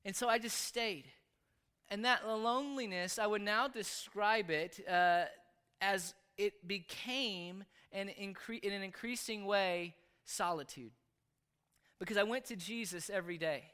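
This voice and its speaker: A man's voice: high voice, unhurried, sharp tone, clean tone. A man preaching a sermon, telling a personal story in an earnest, confessional way.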